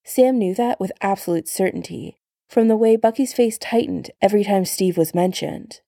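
A woman narrating fan fiction aloud in a calm, even storytelling manner. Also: mid-range voice, moderate pace, dry recording, clean studio sound.

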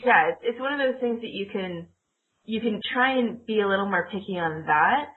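A woman's voice: mid-range voice, lively intonation, normal speed. Chatty woman on tinny lo-fi audio. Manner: rambling, laughs often, self-correcting. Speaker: podcast co-host. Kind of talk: casual chat.

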